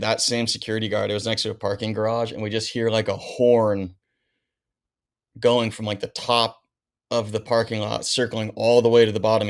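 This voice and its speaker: A man in his thirties chats as a podcast guest in a relaxed, slangy way. His voice is low with a gravelly rasp, and he leans on "like" and "dude" as he tells stories. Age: 30s. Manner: laid-back, full of "like" and "dude". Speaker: podcast guest, pro skier. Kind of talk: casual storytelling chat.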